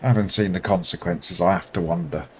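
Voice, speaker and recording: Male sim racing streamer, lower voice, playful and jumpy banter, game engine noise under him. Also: a little fast. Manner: excitable, self-mocking banter. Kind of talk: live gameplay commentary, chatting with viewers.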